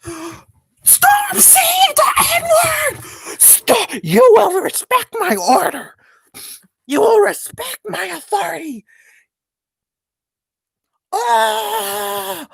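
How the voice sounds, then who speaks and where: A woman's voice: extremely high pitch, big pitch swings, extremely slow, creaky, long pauses, pushed and bright, voice pushed up, exaggerated voice. A woman acting out a furious male streamer who screams and half-cries his orders. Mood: hysterical rage. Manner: shrieking, screaming, half-crying.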